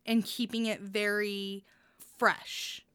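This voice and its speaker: A woman's voice: medium pitch, level tone, slow pace, fairly bright tone, smooth, no echo. A woman co-hosting a podcast, gushing with effusive praise for stories in casual chat, laughing often. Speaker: podcast co-host reviewing stories.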